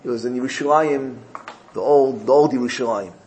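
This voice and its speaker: A man's voice: medium pitch, a little fast, darkish tone, slight background noise, low-quality recording. A man teaching a Torah class, explaining Hebrew verses in English and mixing in Yiddish terms as he tells a story.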